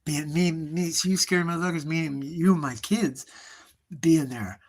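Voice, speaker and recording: This middle-aged streamer talks at a moderate pace in a voice on the high side while he draws. It's a casual, rambling monologue of nostalgic stories, profane and slangy, with "bro" and "dog" aimed at the listener and plenty of trailing off and restarting.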